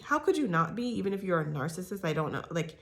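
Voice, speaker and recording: Chatty low-voiced woman recapping gossip. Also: sing-song, quick pace. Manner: chatty, opinionated, acts out quotes with big voices. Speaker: entertainment news recap host.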